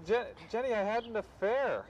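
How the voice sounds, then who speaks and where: A man's voice: high voice, lively intonation, noisy background. Stammering young man on a muffled camera mic. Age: young adult. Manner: halting, stammering, flustered. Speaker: film student filming his own life. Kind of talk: improvised mockumentary dialogue.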